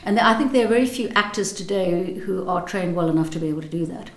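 A woman's voice: on the low side, quick pace, roomy sound. A woman actress answering interview questions, speaking articulately and thoughtfully, often repeating words as she searches for the next thought.

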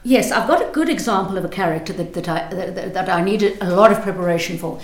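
Older South African actress, roomy sound. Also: female voice, mid-range voice, fast. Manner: thoughtful, hesitant with many restarts. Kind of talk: interview.

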